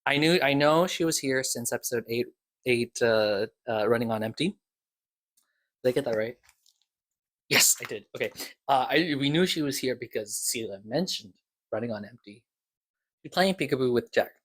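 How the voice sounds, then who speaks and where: A man's voice: mid-range voice, lively intonation, moderate pace, long pauses, a bit bright. A man giving a casual, rambling recap of podcast episodes as a reviewer, talking loosely and stopping to restart his thoughts.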